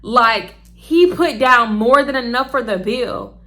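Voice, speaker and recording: Young woman vlogger, high bright voice, chatty storyteller who cusses and addresses viewers directly. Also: slow. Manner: chatty, animated, swears freely, talks straight to viewers. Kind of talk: casual storytelling to camera.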